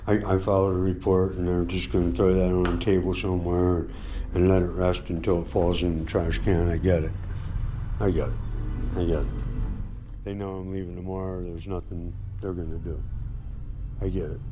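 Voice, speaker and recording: An American man, a motorcycle travel vlogger, talking in a rambling, halting way with lots of swearing and repeated words, sore and shaken after a beating, in a hotel room. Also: low-pitched, little pitch movement, noisy background. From United States. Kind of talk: casual vlog monologue.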